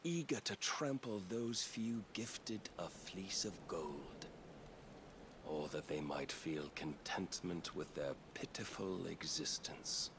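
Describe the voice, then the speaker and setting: A man's voice: deep voice, lively intonation, slow, background noise, exaggerated voice. An actor voicing a cold, godlike male villain in a video game, grave and preaching with contempt for mankind. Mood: contemptuous.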